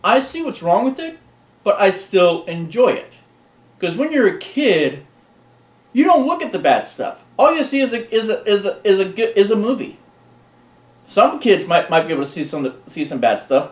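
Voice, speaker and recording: A man casually presenting a countdown of favorite videos, rambling and often restarting his words. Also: high-pitched. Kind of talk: casual unscripted commentary. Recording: echoey room.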